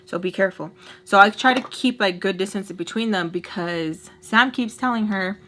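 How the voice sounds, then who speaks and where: A woman's voice: medium pitch, moderate pace. Chatty young woman telling a storytime. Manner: chatty, animated, frequent "like" and "y'all". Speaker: vlogger telling a storytime while doing makeup. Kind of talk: casual storytelling.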